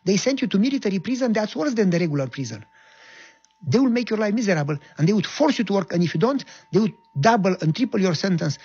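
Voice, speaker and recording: A man's voice: high-pitched, big pitch swings, fast, a little mellow, breathy edge, lo-fi sound, soft background music, voice pushed up, exaggerated voice. A man voicing an exasperated army lieutenant, stern but fond, who barks orders and scolds. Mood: scolding. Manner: barking orders, pleading and scolding.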